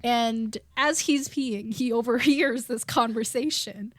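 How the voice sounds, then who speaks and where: Woman, podcast guest, casual book recap, rambling, laughs between phrases, fairly high voice, dry close sound. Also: takes it slowly, no room sound.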